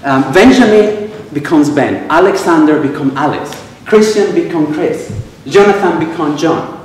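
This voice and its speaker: A man's voice: a little high, lively intonation, a little mellow, slight background noise. Venezuelan man telling jokes in an echoey hall. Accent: Venezuelan Spanish. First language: Spanish. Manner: storytelling with quoted exchanges, pausing for audience laughs. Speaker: club speaker. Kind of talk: humorous prepared speech. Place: club meeting room. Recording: echoey room, miked from a distance.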